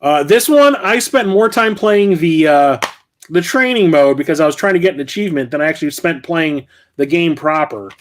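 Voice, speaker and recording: A man's voice: fairly high pitch, lively intonation, normal speed, slight background noise. A middle-aged man chatting casually about his game collection, rambling, correcting himself and swearing freely. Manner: rambling, profane, self-correcting. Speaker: game collector and channel host. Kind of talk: casual vlog chat.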